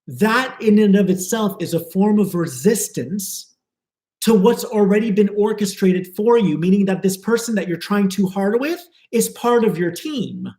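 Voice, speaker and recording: A man's voice: high voice, expressive, moderate pace, a little mellow, reverberant. A man giving a live spiritual talk to his viewers, earnest and flowing, repeating words for emphasis. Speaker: spiritual teacher.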